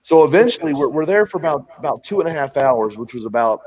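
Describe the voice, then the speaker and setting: A man's voice: a little high, sing-song, quick pace, darkish tone. A man casually telling a long, crude story with frequent laughs and restarts. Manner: rambling, crude, laughing at his own story. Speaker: podcast host telling a story. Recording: dull lo-fi sound, dry.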